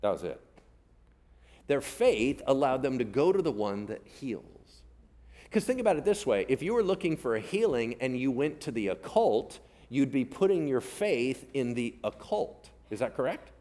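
A man preaches a sermon with a voice that swings widely and expressively in pitch. He tells the story casually, slipping into modern everyday voices for the biblical characters and checking in with his listeners for agreement. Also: sing-song, moderate pace, mellow. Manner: addresses the congregation directly, asking for agreement. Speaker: pastor.

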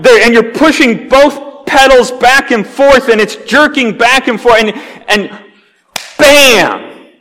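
High-voiced man preaching in a hall. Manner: animated storyteller, acts out scenes with rising intensity. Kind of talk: sermon storytelling. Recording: long hall reverb.

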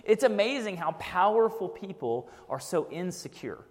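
Pastor guy preaching real casual, lots of "like" and "right?", kinda high voice, long echo from a big church room. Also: lively intonation, moderate pace, a little mellow. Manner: casual, frequent "like" and "right?" asides. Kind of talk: conversational sermon. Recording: long hall reverb.

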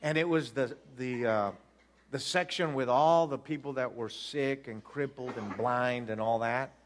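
A man giving an animated personal testimony, acting out voices, laughing and repeating himself as he tells it. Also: mid-range voice, measured pace, a little hiss or hum.

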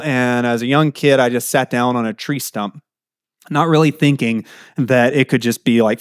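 A man preaching a sermon in a conversational way, his pitch jumping up for emphasis. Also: clear, resonant tone, dry recording, clean studio sound. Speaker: pastor.

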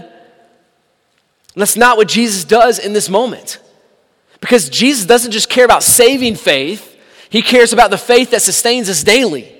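A man preaching a sermon, animated, acting out the people in the story with sarcastic asides. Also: high voice, normal speed, pauses often. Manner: animated, acts out quoted dialogue, sarcastic asides. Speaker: pastor. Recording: long hall reverb.

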